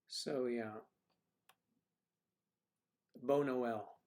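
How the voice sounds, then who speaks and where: A man hosting a casual livestream from home, greeting viewers and musing over their names with slow hums. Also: mid-range voice. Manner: musing, drawn-out hums between comments. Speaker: livestream host reading chat. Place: at home with TV in background.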